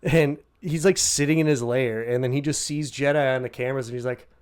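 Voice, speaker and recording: A man co-hosting a casual podcast, recapping a story over beers with heavy swearing. He jumps into quick shouted impressions. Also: medium pitch, steady tone, clear, resonant tone. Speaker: podcast co-host.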